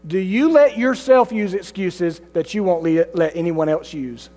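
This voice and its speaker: Man, pastor, sermon, high voice, dramatic, self-deprecating, church hall reverb, mains hum. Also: moderate pace, mellow. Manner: dramatic, shifts between mocking high voices and low solemn ones; self-deprecating humor with laughs. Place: church sanctuary.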